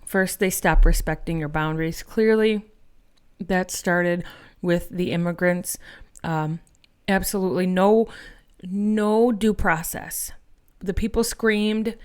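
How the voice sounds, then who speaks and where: A woman's voice: fairly low pitch, steady tone, measured pace, clear, resonant tone. A woman hosting an activist podcast, delivering an angry, profane political monologue and rallying her listeners as friends.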